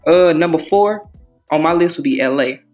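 A man co-hosting a podcast, chatting in a relaxed, easygoing way and cracking jokes. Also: a little high, normal speed, faint music behind. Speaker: podcast co-host. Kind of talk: casual chat.

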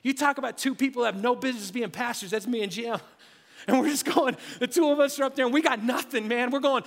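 High-voiced pastor preaching in a reverberant hall. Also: male voice, fast talker, creaky. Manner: energetic, conversational preaching, drops to a hushed voice near the end. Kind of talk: sermon. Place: church sanctuary. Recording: long reverb of a large hall.

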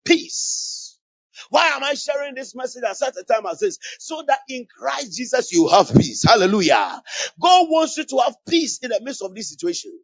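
Male preacher, high lively voice, husky and gravelly, call-and-response sermon, dull lo-fi recording. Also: dry recording. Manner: fervent call-and-response, repeating phrases. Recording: dull lo-fi sound.

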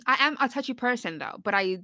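Speaking quickly and with lots of energy, this young podcast co-host tells stories in an easygoing chat and laughs frequently. Her voice sits a little high and has a sharp edge. It's clean studio audio with no trace of the room.

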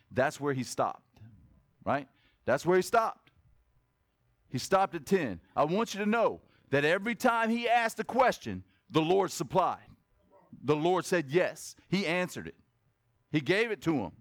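Pastor guy with a pretty high voice, dry sound, goes loud then soft, keeps asking the crowd stuff. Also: unhurried, no echo. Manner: animated, swings between loud exclamation and soft asides; conversational, asks the congregation questions. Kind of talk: sermon.

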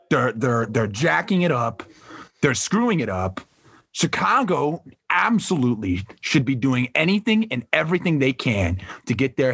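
A man's voice: mid-range voice, gravelly, fairly bright tone, breathy edge, no room sound. A man hosting a podcast, debating sports with friends in an emphatic, ranting way and hammering points over and over. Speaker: podcast host.

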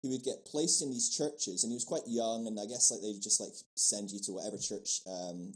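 A man's voice: fairly low pitch, brisk, low-quality recording. A man in his thirties with a mixed Scottish, English and American accent talks easily as a podcast guest. He tells stories in a loose, chatty way, laughing often and restarting his sentences. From Scotland. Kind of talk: casual conversational storytelling.

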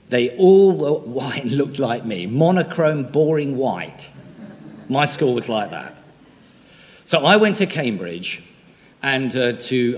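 English-accented older priest in a reverberant church. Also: male voice, mid-range voice, a little mellow. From Australia. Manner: conversational, self-deprecating, with frequent fillers. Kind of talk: homily.

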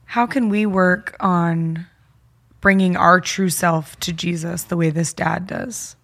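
Brief woman co-host, lower voice, attentive, asks questions. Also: steady tone, takes it slowly, creaky, fairly bright tone. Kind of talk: podcast discussion.

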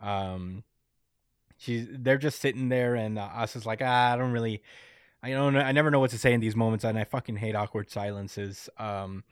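A man in casual chat, recapping a story and acting out the characters' lines in quick voices, laughing often. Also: lowish voice, fairly even intonation, clean tone, dry recording, studio quality. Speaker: podcast co-host recapping a manga chapter.

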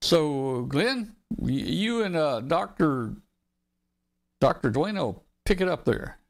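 Gravelly Southern man hosting radio. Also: fairly high pitch, animated, slow. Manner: folksy, rambling with fillers. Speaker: radio show host. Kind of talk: casual radio show hosting.

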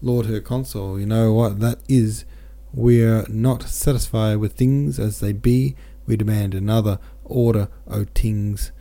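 A man puts on a stubborn young labourer with a slow, rough country drawl, pitched a touch higher and louder than a plain reading. The voice underneath stays deep, dark and gravelly. It fits a storybook read aloud. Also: fairly even intonation. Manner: slow, drawling dialect speech.

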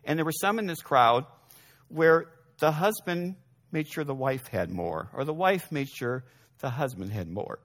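A man preaching a sermon, moving between loud emphasis and soft, quiet asides. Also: a little high, animated, unhurried. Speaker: pastor.

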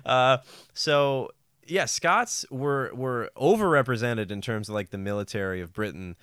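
Smooth-voiced young comedian, dry sound. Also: male voice, medium pitch, measured pace, fairly bright tone, dry recording. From New York. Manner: joking, rambling, laughs often. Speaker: comedian, podcast co-host. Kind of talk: casual comedic chat.

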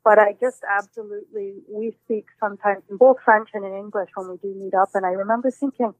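A woman in her forties, a musician, answering interview questions in a reflective, animated way with many restarts. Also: medium pitch, fairly quick, no echo. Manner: warm, reflective, with frequent restarts and exclamations. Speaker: musician guest. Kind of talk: relaxed personal interview answers. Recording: dry, tinny phone-like line.

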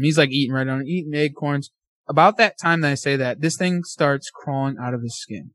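A man telling a hunting story as a podcast guest, animated, acting out his own and his friend's words. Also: fairly high pitch, a little fast, no room sound.

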